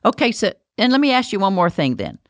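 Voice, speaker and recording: A woman interviewer asks questions and reflects on the answers with clear enthusiasm. Her voice sits at a middle pitch and is recorded dry, with no room sound. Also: huge pitch swings, fast talker, no echo.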